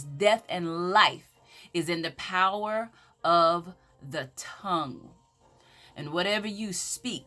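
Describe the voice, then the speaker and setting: A woman's voice: fairly low pitch, a bit bright. A woman with a Southern American accent, speaking as an empowerment speaker in a preacherly, emphatic way. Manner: preacherly, scripture-quoting, emphatic. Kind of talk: inspirational faith talk.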